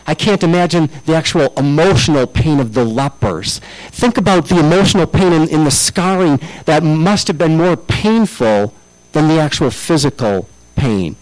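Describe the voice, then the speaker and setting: A male pastor giving a sermon in a storytelling way. His voice sits a bit high for a man and swings widely in pitch. He often restarts phrases and repeats words as he talks. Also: a little mellow, poor audio.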